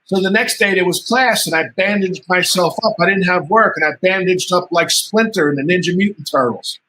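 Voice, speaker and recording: Man, high bright voice, animated storyteller, faint background hiss. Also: fairly quick, low-quality recording. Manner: animated storyteller, laughs often, acts out quoted dialogue. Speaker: interview guest, martial artist. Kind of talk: casual storytelling interview.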